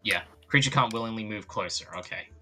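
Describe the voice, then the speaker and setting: A man playing a tabletop role-playing game, talking loosely and now and then bursting into loud character lines. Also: lowish voice, fairly quick, soft background music. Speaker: player.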